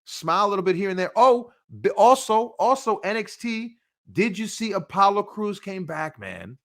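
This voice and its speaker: A man co-hosting a casual wrestling podcast, excitable and quick, often quoting himself and others mid-thought. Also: high voice. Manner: excitable, restarts and quotes himself. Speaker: podcast co-host.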